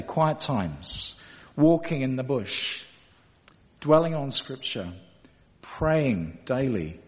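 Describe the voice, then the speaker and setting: Earnest preacher in echoey church. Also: male voice, a little high. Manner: earnest, direct, addresses the congregation as guys. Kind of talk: sermon.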